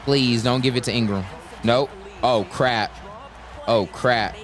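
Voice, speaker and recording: Commentating live on his own basketball video game, a male gaming YouTuber speaks slowly at a medium pitch, with a faint crowd audible. His talk is slangy, loaded with trash talk, and punctuated by excited yells.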